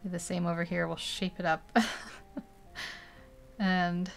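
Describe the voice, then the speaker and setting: A woman's voice: fairly low pitch, level tone, slow pace, creaky, slight background noise. A young woman casually narrating as she paints a digital portrait, chatty and rambling, laughing often between thoughts. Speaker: digital art streamer.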